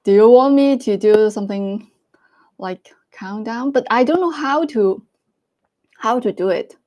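Woman doing a livestream, super slow, kinda high voice, laughs a lot. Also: mellow. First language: Cantonese. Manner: slow, halting, laughs often. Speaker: livestream host. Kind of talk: casual live-stream chat.

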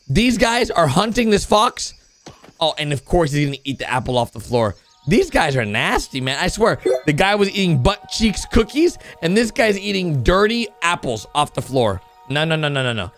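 Excitable high-voiced male reactor. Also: normal speed, soft background music. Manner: excitable, shouts and gasps at surprises, talks to viewers. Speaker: reaction video host. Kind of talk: animated reaction commentary.

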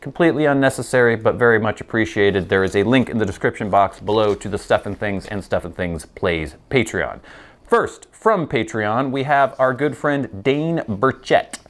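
Rambling, easygoing low-voiced man host. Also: moderate pace. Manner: rambling and self-deprecating, with many fillers. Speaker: host of a pipe-smoking show. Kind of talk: casual chat answering viewer questions.

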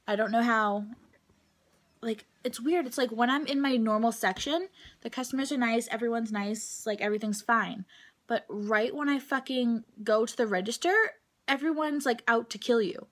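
A woman's voice: a little high, moderate pace. A young adult woman talking straight to camera in a casual vlog, venting bluntly and swearing freely about her day. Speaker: vlogger.

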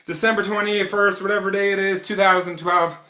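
A man voicing a weary ancient calendar maker who gives up, speaking in a hurried, resigned way. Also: high-pitched, little pitch movement, sharp tone, reverberant.

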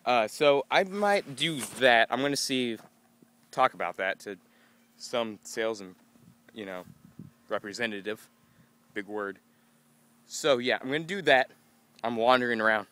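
A tired young man rambling goofily to a handheld camera outdoors in a casual vlog, breaking into excited yelps. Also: mid-range voice, normal speed, long pauses. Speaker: vlogger.

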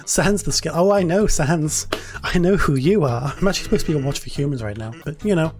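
A woman voicing a lazy, laid-back skeleton in a deep, relaxed voice. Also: a little fast.

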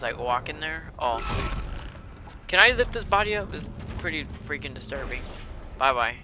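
A man commentating a horror game as he plays it, profane and excitable, often shouting at enemies. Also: medium pitch. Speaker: gamer playing a horror game. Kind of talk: let's play commentary. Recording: game sound and noise behind.

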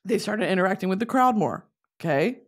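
A young woman in her twenties telling a funny story in casual chat as a podcast host, dropping to low mutters and rising to squealing laughs. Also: fairly quick. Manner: animated, swings from low confiding mutters to shrieking laughs and squealed whispers.

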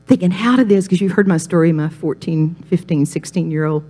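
A woman from Mississippi, a pastor's wife telling her testimony on a talk show, animated and dropping to hushed whispers for emphasis. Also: lowish voice, fairly quick. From Mississippi, USA.

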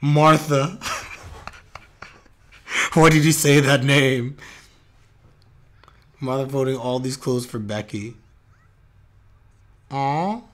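A man's voice: medium pitch, fairly even intonation, drawn-out words, long pauses, a bit bright. A man reacting live to an anime episode on his stream, chatty and openly emotional.

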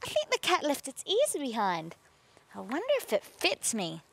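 A woman's voice: a little high, wildly swooping pitch, normal speed, vocal fry, noisy background. A young woman presenting a children's TV show, singing and talking in a playful, sing-song way with animal noises. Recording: loud children's music backing.

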